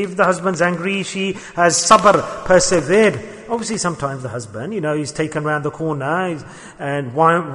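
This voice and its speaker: A man's voice: high voice, fairly bright tone. A man preaching a sermon with impassioned, rising and falling emphasis. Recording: long hall reverb.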